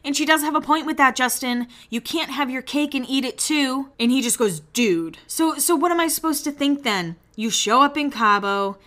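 Her voice sits high, bright and forceful, at a moderate pace with hardly any pauses. She's a podcast host giving a chatty, gossipy reality show recap, voicing quoted lines in shifting voices and dropping the odd casual swear.

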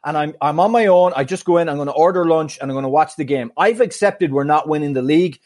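A man in his mid-thirties telling a story on a podcast with a slightly high voice. He is animated and acts out the people in his tale. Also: fast talker. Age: mid-30s. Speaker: podcast co-host. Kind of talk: casual chat, anecdote.

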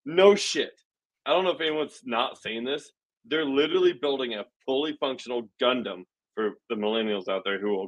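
Animated joking man, lively pitch. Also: rough recording. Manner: joking, profane, animated storytelling with mock quotes. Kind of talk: casual political chat.

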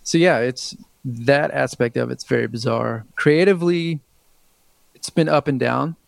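Gravelly thirties man, hesitant and rambling. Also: medium pitch, measured pace, no room sound. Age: 30s. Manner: hesitant, rambling, many restarts. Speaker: musician guest. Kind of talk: casual interview chat.

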